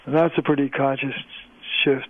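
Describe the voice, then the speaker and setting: An older man, a linguistics professor, explaining points in a measured way as a guest on a radio interview over a phone line. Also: mid-range voice, flat delivery.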